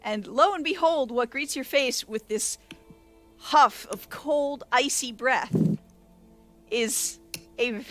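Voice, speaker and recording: Woman running a tabletop game, fairly high voice, rambly descriptions, faint music underneath. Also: takes it slowly, fairly bright tone. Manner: rambling, self-correcting, laughing often. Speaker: game master.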